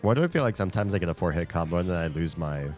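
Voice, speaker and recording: Casting: male streamer, very low voice, loose rambling chat over a game, faint music underneath. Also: lively intonation, very fast, a little mellow. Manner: rambling, thinks aloud, chuckles often. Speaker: streamer playing a rhythm game. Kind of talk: casual chat while gaming.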